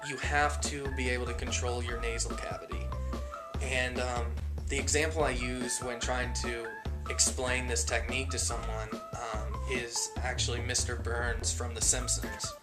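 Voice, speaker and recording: A man explaining how he does voice impressions in a documentary narration, relaxed and full of pauses. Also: mid-range voice. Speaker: amateur impressionist. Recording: documentary draft with music behind.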